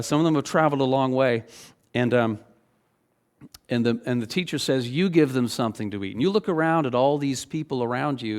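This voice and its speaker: Conversational male pastor preaching. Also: medium pitch. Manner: conversational, animated preaching with frequent "okay?" check-ins. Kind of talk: sermon.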